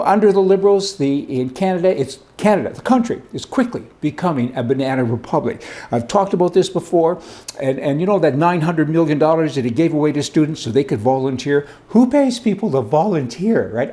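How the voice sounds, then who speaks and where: A man's voice: fairly high pitch, mellow. A man hosting a casual political commentary monologue, sarcastic and emphatic, full of asides and rhetorical questions.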